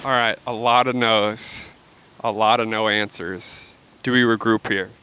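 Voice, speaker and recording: A man's voice: on the low side, fairly even intonation, a little slow, sharp tone, slight background noise. A man hosting a casual travel vlog, talking in an upbeat, self-deprecating and jokey way. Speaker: host.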